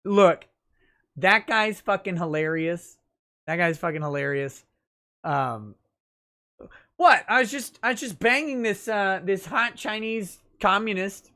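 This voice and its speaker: A man hosts a casual livestream talk show, reading viewer messages aloud, cracking crude jokes and repeating words often. His voice sits high and sounds animated, pushed and bright, though he's unhurried.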